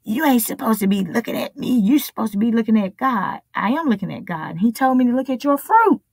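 A woman's voice: on the high side, lively intonation, creaky, a little mellow, dry recording. Emphatic woman preaching a sermon. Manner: emphatic, repetitive preaching with drawn-out phrases.

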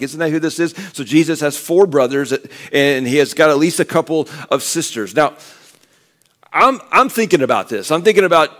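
A middle-aged man preaching a sermon as pastor, conversational and animated, acting out quoted voices. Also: fairly high pitch.

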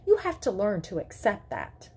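A woman's voice: medium pitch, wildly swooping pitch, normal speed, dark tone, husky, exaggerated voice. A woman voicing a condescending schoolteacher in a prim, professional tone while reading a story aloud. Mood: defensive. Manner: superior, professional teacher tone.

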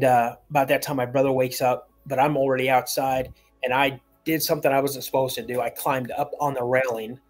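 A man calling in to a show, telling a long personal story in a rambling way, repeating words and acting out the voices of people he quotes. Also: medium pitch. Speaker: caller.

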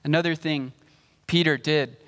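A pastor preaching a sermon, explaining scripture and reading verses aloud in a measured way. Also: male voice, on the high side, fairly even intonation, a bit bright, big-room sound. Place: church sanctuary.

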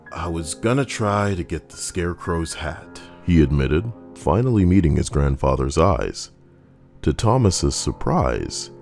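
Very deep-voiced male horror narrator. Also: vocal fry, warm tone. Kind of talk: scripted horror story narration.

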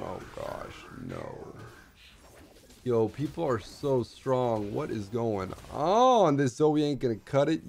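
A young man streaming a strategy game, chatting casually in slang and getting hyped, with squealing jumps when excited. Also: medium pitch. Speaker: gaming streamer. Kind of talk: casual gameplay commentary.

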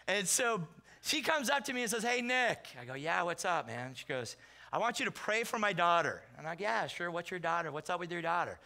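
A man's voice: a little high, a little fast, creaky. A man preaching as a guest pastor, telling comic stories and acting out the voices in them. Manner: animated, comic storytelling with acted-out quotes. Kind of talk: storytelling sermon. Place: church sanctuary.

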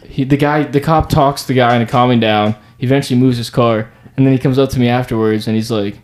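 Young man, podcast co-host, casual storytelling, slangy, animated. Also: mid-range voice, quick pace, few pauses. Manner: animated storyteller, slangy, says "dude" a lot.

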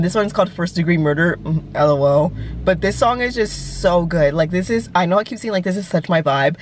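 A woman's voice: medium pitch, a little hiss or hum. A young woman chatting casually as a music vlogger, gushing and giggly, with lots of fillers. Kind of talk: casual chat.

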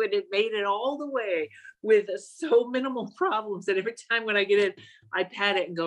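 A woman talks as a podcast guest and works as a psychic. She tells stories in a playful, animated way and stays chatty throughout, in a mid-range voice. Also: medium pitch, normal speed. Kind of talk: casual conversational chat.

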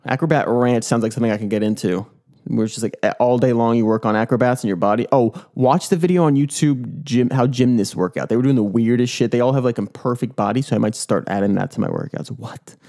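A man's voice: mid-range voice, warm tone. Pumped-up young guy vlogging, swears a lot, rambles on about his day. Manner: hyped, profane, rambling. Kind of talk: casual daily vlog.

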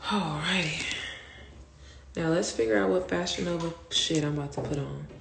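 A woman's voice: sits low, moderate pace, vocal fry, slight background noise. A young woman casually chatting to her viewers on a phone livestream, swearing freely and calling them y'all. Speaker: Instagram Live host.

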